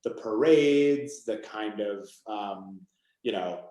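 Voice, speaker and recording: A man's voice: on the low side, takes it slowly, warm tone. Rambling man in an echoey room. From Maine. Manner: rambling, full of "you know" and "like". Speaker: author guest. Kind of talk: casual conversation.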